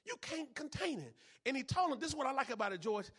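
A man preaching a sermon as pastor, repeating phrases and punctuating them with amens, swinging between hushed passages and loud ones. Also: extremely high pitch, big pitch swings, fast.

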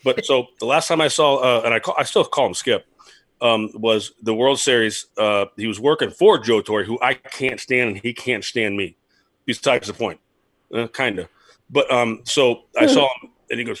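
A man's voice: medium pitch, normal speed, dry recording. A man who hosts a casual sports talk show and once played pro baseball, rambling and mocking himself as he tells stories. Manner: rambling, self-mocking, animated storyteller. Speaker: podcast host, former pro baseball player.

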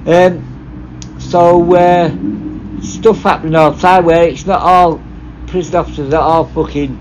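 A former prison officer telling stories casually, blunt and full of swearing, rambling and restarting. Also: male voice, fairly high pitch, fairly even intonation, unhurried, background noise. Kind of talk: casual storytelling.

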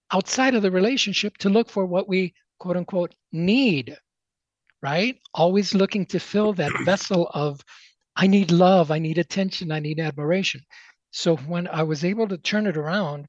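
A man's voice: high-pitched, dry recording, lo-fi sound. Emphatic man telling his story. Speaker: guest. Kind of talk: motivational storytelling.

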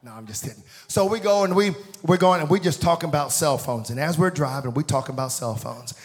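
Storytelling preacher who builds to shouts. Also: male voice, fairly high pitch, expressive, fast talker. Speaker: pastor. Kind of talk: sermon.

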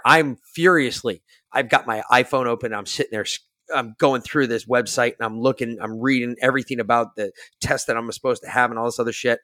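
A man's voice: mid-range voice, pushed and bright, no echo, clean studio sound. A man hosting a podcast, telling a story in a blunt, profane, casual way and acting out the dialogue. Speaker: podcast host.

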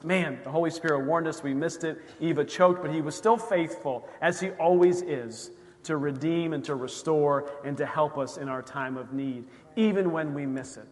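A male pastor preaching a sermon, telling a story and acting out the dialogue with lively energy. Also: a little high, normal speed. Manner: animated storytelling, acts out dialogue. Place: church sanctuary. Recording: church hall reverb.

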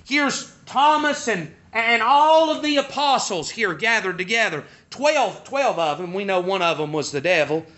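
A man's voice: high-pitched, lively intonation, a little slow, hardly any pauses, fairly bright tone, muffled recording. A man preaching a sermon, stressing points by repeating words.

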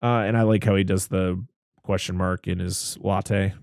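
Low-voiced man in casual profane chat. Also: level tone, normal speed, vocal fry, a little mellow, dry recording, clean studio sound. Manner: profane, rambling, enthusiastic retelling with filler words. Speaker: podcast co-host recapping a film.

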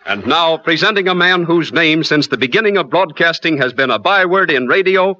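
A man announcing a 1940s radio show in a measured, declamatory delivery, heard on an old radio transcription. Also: fairly high pitch, animated, lo-fi sound. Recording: 1940 radio transcription over loud music.

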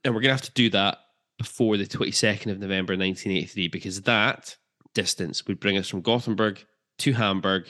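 A man's voice: lowish voice, fairly quick, bright, forceful tone. Chatty man hosting a podcast. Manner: chatty, jokey, with filler ums. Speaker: podcast co-host. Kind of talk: casual football podcast chat.

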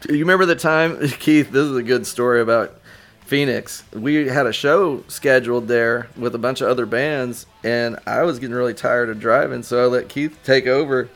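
A man swapping rowdy tour stories in an easygoing podcast chat. He swears freely and throws his voice up when he acts out what people said. His pitch sits in an ordinary middle range. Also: moderate pace. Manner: animated, swears a lot, acts out quotes loudly. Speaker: podcast guest, former band member. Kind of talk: casual storytelling chat.

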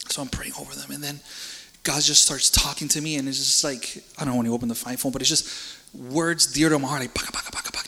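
A man's voice: medium pitch, creaky, pushed and bright, slightly rough. A man giving an emotional personal faith testimony in casual, earnest speech, often repeating words. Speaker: church member giving a testimony. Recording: reverberant hall.

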